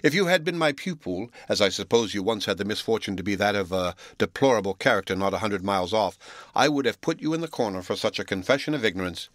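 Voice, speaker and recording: Man voicing a sneering, scornful gentleman. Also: on the low side, lively intonation, fast talker, no room sound, clean studio sound. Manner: mocking, lecturing, loud emphasis. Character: scornful, sneering blunt Englishman, adult male.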